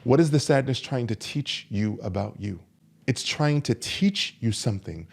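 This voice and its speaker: A man's voice: medium pitch, animated, moderate pace, creaky, darkish tone. A man hosting a podcast, coaching other men in an emphatic, repetitive monologue. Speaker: men's coach and podcast host.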